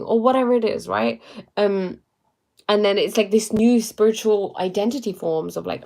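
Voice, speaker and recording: A woman's voice: mid-range voice, normal speed, vocal fry, a little mellow. A young woman casually giving spiritual and motivational talk to live viewers, chatty and full of fillers. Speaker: livestream host.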